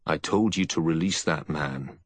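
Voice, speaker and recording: Man voicing a cold commanding avenger, very deep, husky voice. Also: normal speed, no room sound. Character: cold, grim male avenger with a gun. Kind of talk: audiobook character voice.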